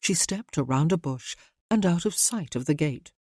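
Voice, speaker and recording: A woman narrating a romance audiobook in a calm, measured way. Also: low voice, husky, no echo, studio quality.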